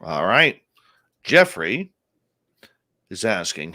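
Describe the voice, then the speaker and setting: Bright, lively-voiced male host. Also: mid-range voice, unhurried, long pauses. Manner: reads listener questions aloud.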